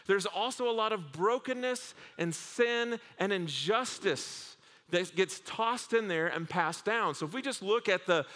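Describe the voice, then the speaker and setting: Male pastor, high bright voice, animated joking sermon, reverberant hall. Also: unhurried. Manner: humorous, animated storytelling with acted asides.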